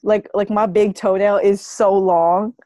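Young woman, podcast co-host, casual gushing chat, average pitch, dry close sound. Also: a little slow, dry recording. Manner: gushing, animated, says "oh my God" a lot.

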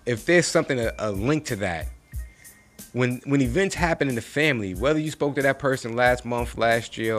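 A man's voice: medium pitch, gravelly, a bit bright. A man giving a casual, preachy motivational rant, full of slang and rhetorical questions.

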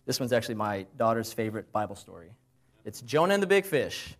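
A man's voice: on the low side, big pitch swings. Man preaching a casual, conversational sermon. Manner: casual, asks the listeners rhetorical questions; slows down to cite Bible verses.

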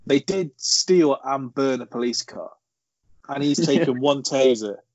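Guy laughing through movie quotes, dry dull mic, mid pitch. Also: measured pace, a little mellow, no echo. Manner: laughing, quotes film lines. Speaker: podcast co-host. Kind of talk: casual film chat.

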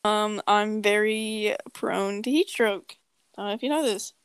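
A woman's voice: medium pitch, unhurried, clear, resonant tone, dry recording. A young woman co-hosting a podcast, telling a story in a joking, profane, casual way. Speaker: podcast co-host. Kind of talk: casual chat.

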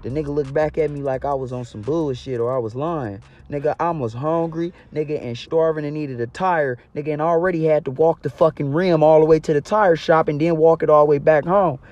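Young guy telling a wild story, lots of cussing and slang, voice a little on the high side. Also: fairly quick, few pauses, highs cut off. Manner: profane, animated, slangy. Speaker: storyteller vlogger. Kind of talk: casual spoken storytelling.

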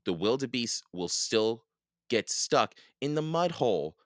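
A man's voice: high-pitched, huge pitch swings, slow pace, creaky, a bit bright, no room sound, studio quality, pitched above the performer's own voice, heavily acted. A man voicing a feisty, spirited young girl in a storybook, bold and defiant. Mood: alarmed.

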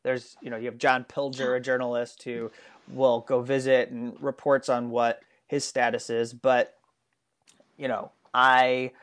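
A man's voice: mid-range voice, flat delivery, measured pace, a bit bright. A man co-hosting a casual political discussion, talking earnestly and rambling with frequent restarts. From United States. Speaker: political commentary co-host.

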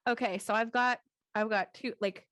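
A woman's voice: fairly high pitch, steady tone, normal speed, fairly bright tone, dry recording. A woman co-hosting a casual podcast chat, candid and playful, laughing at her own jokes. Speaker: podcast co-host.

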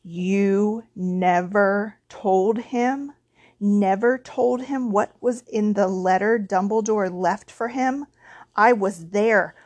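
A woman doing Hagrid, booming and gruff. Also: a little slow, a little mellow, natural voice. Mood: furious. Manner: booming, growling, indignant. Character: huge gruff male half-giant groundskeeper, hot-tempered.

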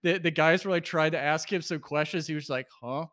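A male podcast co-host in easygoing conversation. His voice is bright and clean, and he rambles through his thoughts with plenty of filler words and laughter. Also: on the high side, steady tone, brisk. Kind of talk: casual chat.

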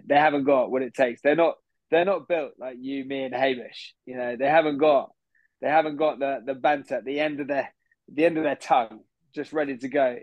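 A man's voice: medium pitch, darkish tone, dry recording, lightly acted, poor audio. A man playing a pompous young bro who boasts and rambles, in an improvised comedy podcast. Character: smug posh young City bro, boastful gym fanatic. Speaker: podcast guest.

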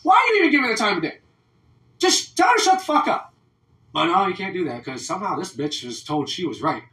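Podcast host, American man, profane and animated, mocks others' voices; bright tone, roomy room. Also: high-pitched, quick pace. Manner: profane, animated ranting with mocking quoted voices. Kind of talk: casual podcast rant. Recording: roomy, mic at a distance.

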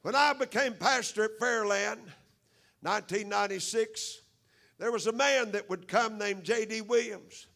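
A man's voice: high voice, moderate pace, gravelly, bright, forceful tone. A middle-aged man preaching a sermon, fervent and peppering his lines with amens. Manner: fervent, punctuated with frequent amens. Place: church service.

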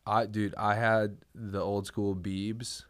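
A man's voice: fairly low pitch, level tone, slow, a crowd in the background. A young man co-hosting a podcast in casual chat, laid-back and full of "dude" and "like". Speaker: podcast co-host. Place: podcast studio.

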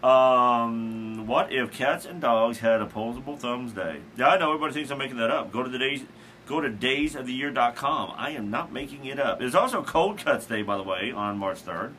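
A man's voice: medium pitch, lively intonation, a little fast, pushed and bright, slight background noise. Rambling man hosting a casual chat show. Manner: rambling, with fillers and asides. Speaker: host. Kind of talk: casual chat about daily holidays.

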